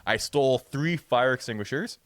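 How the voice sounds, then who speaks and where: A young man co-hosting a podcast, rambling through a profane, animated story in casual chat. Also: medium pitch, moderate pace, no room sound. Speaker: podcast co-host.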